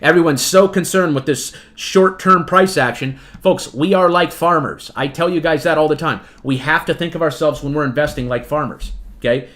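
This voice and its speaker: A man's voice: on the high side, moderate pace, hardly any pauses, a bit bright. A man hosting a trading livestream, giving emphatic market commentary. He calls his viewers "folks" and keeps checking in with "okay?" and "right?". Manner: emphatic, repetitive, peppers lines with "okay?" and "right?". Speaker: trading channel host.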